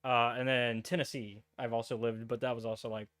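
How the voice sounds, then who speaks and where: A man's voice: mid-range voice, level tone, a little fast, fairly bright tone. A man co-hosting a podcast, chatting casually and rambling, with many fillers and restarts. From United States. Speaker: podcast co-host. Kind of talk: casual chat.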